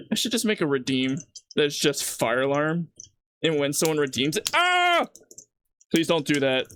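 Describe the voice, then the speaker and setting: A man's voice: fairly high pitch, moderate pace, fairly bright tone, slight background noise. A man livestreaming while he cooks at home, rambling casually and laughing at his own jokes. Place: home kitchen.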